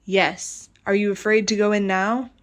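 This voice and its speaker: A woman reading the lines of a patient husband who gently coaxes his frightened wife. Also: medium pitch, a little slow, close to an everyday voice. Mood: coaxing. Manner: steady, reassuring, coaxing.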